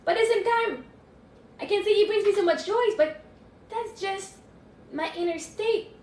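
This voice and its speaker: A woman life coach on a livestream from home, thinking aloud with sudden excited outbursts and cooing at her puppy. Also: extremely high pitch, normal speed, roomy sound, far from the mic. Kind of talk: livestream self-reflection. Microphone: phone.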